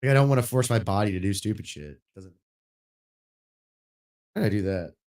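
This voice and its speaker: A man ranting casually and bluntly while streaming a game, swearing often and getting louder when worked up. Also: fairly low pitch, expressive, a little fast. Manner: blunt and profane, rising loud when worked up. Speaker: gaming livestreamer.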